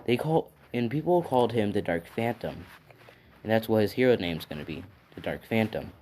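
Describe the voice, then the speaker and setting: A man's voice: on the low side, expressive, normal speed, darkish tone, slight background noise. A man at home casually retelling a fan story, rambling with fillers and asking "right?" along the way. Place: at home with his dog.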